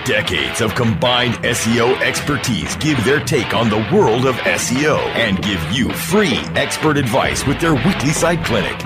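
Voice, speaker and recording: A man's voice: mid-range voice, big pitch swings, moderate pace, few pauses. A man announcing a radio show intro in a dramatic, punchy voice. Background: loud music.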